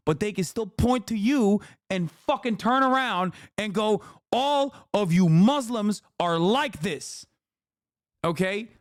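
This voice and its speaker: A man's voice: high-pitched, dry recording. Profane ranting male streamer, dry close mic. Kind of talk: casual reaction rant.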